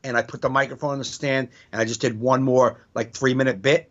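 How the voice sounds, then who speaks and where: A man's voice: medium pitch, a little fast. A man, a stand-up comedian, telling club stories in casual, profane podcast chat. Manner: profane, animated storytelling with acted quotes. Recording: dull lo-fi podcast audio.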